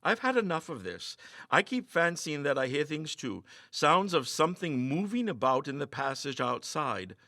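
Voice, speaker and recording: A man's voice: fairly high pitch, very animated, normal speed, bright, forceful tone, no room sound, clean studio sound, full character voice. A man doing an uneasy, earnest young man. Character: uneasy young man, rational but nervous.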